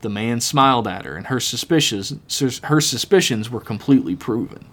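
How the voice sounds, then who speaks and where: A man's voice: medium pitch, expressive, normal speed, fairly bright tone. A man co-hosting a podcast, reading his own horror story aloud dramatically and laughing at his own jokes. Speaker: podcast co-host.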